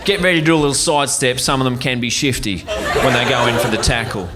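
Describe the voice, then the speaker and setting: A man's voice: mid-range voice, quick pace, over a noisy crowd. A man doing stand-up on a comedy club stage with a dry, wry, mock-earnest delivery. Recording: very noisy live stand-up recording.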